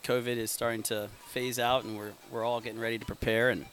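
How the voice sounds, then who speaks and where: A man hosting a casual chat show, introducing guests in a relaxed, upbeat way. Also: medium pitch, fast. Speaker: podcast host.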